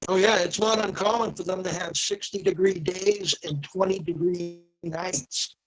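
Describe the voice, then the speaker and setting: A man's voice: high voice, steady tone, moderate pace, rough recording. Matter-of-fact man on a voice call. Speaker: call guest. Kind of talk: casual group call chat. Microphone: online voice call.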